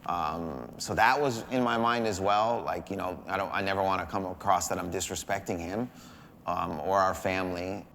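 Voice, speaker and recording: A man being interviewed, speaking thoughtfully and hesitantly, pausing with fillers as he reflects. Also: sits low, steady tone, vocal fry, fairly bright tone, long reverb tail. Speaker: comedian interviewed about his special.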